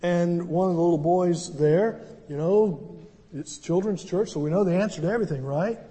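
A man's voice: high-pitched, moderate pace, mellow, in a large hall. An older man, a pastor, preaching a sermon and telling stories with conversational asides. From southern United States. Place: church sanctuary.

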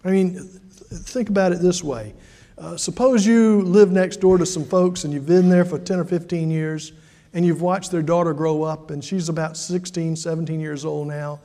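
A man preaching a sermon, telling stories in a conversational way, with sudden swings between loud and quiet. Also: fairly high pitch, steady tone, normal speed, big-room sound. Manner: storytelling, conversational with dramatic swings in volume. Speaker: pastor.

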